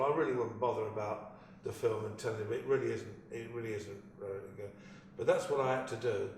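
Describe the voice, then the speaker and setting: An older man, an actor telling a lively anecdote about a film shoot and acting out the people he quotes. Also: fairly low pitch, fairly quick, slight background noise. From London, England. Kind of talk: anecdotal storytelling. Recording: echoey room, distant mic, faint ambience.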